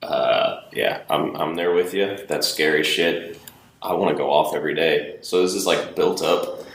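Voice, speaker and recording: A man's voice: very deep voice, moderate pace. A man co-hosting a podcast, chatting casually and sympathizing with his friend. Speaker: podcast co-host. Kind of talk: casual chat. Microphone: phone. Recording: echoey room on a phone.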